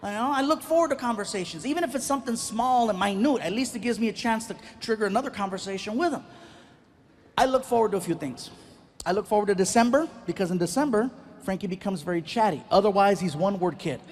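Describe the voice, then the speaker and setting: A middle-aged man telling stand-up stories, animated and acting out voices and sounds. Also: high voice, quick pace. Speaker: stand-up comedian. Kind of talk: stand-up storytelling.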